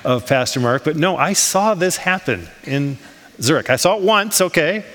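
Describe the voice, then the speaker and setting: A man's voice: sits high, expressive, normal speed, fairly bright tone, in a large hall, a little hiss or hum. A man preaching a sermon as pastor, talking in a conversational way with rhetorical questions and frequent ums. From United States. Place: church in Switzerland.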